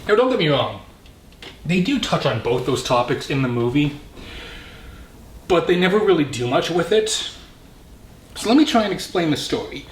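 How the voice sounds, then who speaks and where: A man's voice: a little high, sing-song, normal speed, long pauses, echoey room, a little hiss or hum. A man from Canada hosting a casual movie review, rambling and correcting himself with jokey asides.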